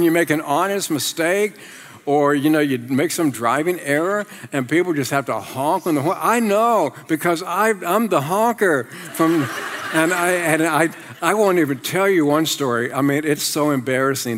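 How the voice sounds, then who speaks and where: Middle-aged male pastor, fairly high voice, lively storytelling sermon, church hall with long reverb. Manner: animated, self-deprecating storytelling with laughs. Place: church sanctuary.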